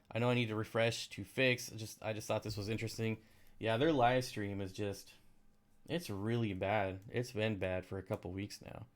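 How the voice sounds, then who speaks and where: A man hosting a casual live stream, reading viewer comments, rambling and sarcastic about technical problems. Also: mid-range voice. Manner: rambling, sarcastic, easily frustrated. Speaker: aquarium channel live streamer.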